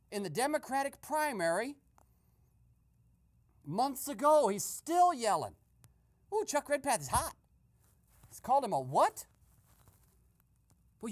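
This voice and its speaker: Someone doing a nosy, excitable eavesdropping man. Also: high voice. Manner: gossipy, breathless running commentary with frequent shushing. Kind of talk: comic radio sketch.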